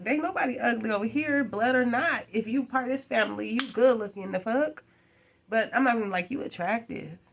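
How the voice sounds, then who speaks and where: A woman vents to the camera in a casual vlog. She rambles, sounds exasperated and keeps firing off rhetorical questions. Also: lowish voice. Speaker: vlogger.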